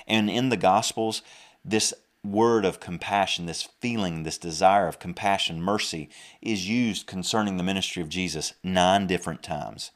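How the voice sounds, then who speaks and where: A young man with a Southern US accent delivers a podcast sermon in a very low-pitched voice. He preaches earnestly, circling back to repeat and rephrase his points as he goes. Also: normal speed. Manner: earnest, repeats and restarts phrases, mocks drawl in asides.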